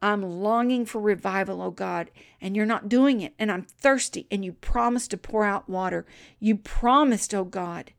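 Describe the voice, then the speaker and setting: A preacher voicing an older blacksmith who cries out to God in a loud, pleading, high-pitched prayer. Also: male voice, moderate pace, vocal fry, clean tone. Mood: yearning. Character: fervent old male blacksmith crying out in prayer.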